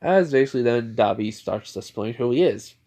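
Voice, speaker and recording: A young man narrates a fan fiction story off the cuff, rambling and filling gaps with "you know" and "um." His voice sits at a middling pitch. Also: lively intonation, a little fast, warm tone. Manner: rambling, filler-heavy.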